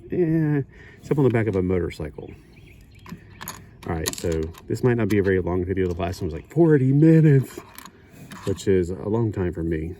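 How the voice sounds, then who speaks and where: A middle-aged hobby builder with a deep, warm voice talks a little fast as he works on a kit. He rambles, corrects himself, and chuckles in asides throughout this casual build-along chat, and the recording carries a little hiss or hum.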